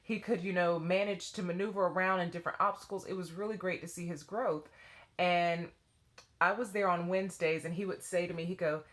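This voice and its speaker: A woman in her thirties speaks to camera with a somewhat low voice. She tells a personal story about teaching dance in a lively, animated way, slipping into other people's voices as she goes. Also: a little fast. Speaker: former children's dance teacher.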